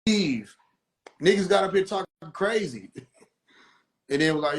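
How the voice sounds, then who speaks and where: A man's voice: high voice, animated, slow pace, long pauses. Preachy man lecturing his live audience. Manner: preachy, repeats points, asks the audience questions. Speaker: livestream host. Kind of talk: casual spiritual teaching on a live stream.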